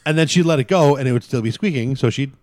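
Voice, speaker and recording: A man co-hosting a podcast, telling a story in a lively, casual way and swearing often. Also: medium pitch, quick pace. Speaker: podcast co-host. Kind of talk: casual chat.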